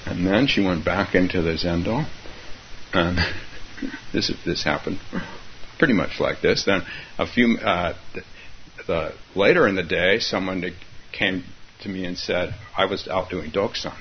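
Brief: male meditation teacher giving a halting dharma talk, lower voice, chuckles, lo-fi with faint hiss. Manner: halting, repeats himself, chuckles often. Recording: dull lo-fi recording, faint hiss.

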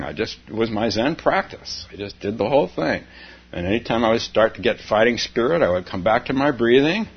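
A man giving an informal dharma talk as a meditation teacher, speaking haltingly, with restarts and chuckles. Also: mid-range voice. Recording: dull lo-fi with faint hum.

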